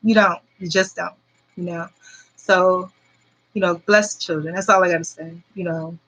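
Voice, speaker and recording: A woman's voice: on the low side, steady tone, normal speed, a bit bright, poor audio. A woman in her forties telling a story straight to her viewers, rambling and earnest, full of fillers. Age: 40s. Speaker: vlogger.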